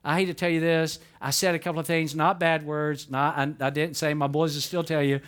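A high-pitched man preaching a sermon as a pastor. He tells stories with lively bursts of feeling, then drops to soft, earnest asides. He sounds middle-aged. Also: brisk. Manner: storytelling, swings from animated outbursts to hushed earnest tones.

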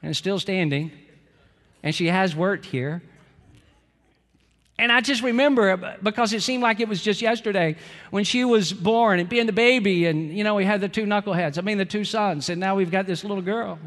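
High-voiced pastor preaching in a hall. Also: male voice, normal speed, a bit bright. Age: middle-aged. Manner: earnest, repeats phrases, storytelling. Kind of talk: sermon.

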